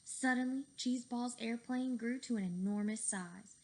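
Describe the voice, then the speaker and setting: A woman reading a children's book aloud with lively, expressive storytelling. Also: a little high, moderate pace, a little hiss or hum. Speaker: reader.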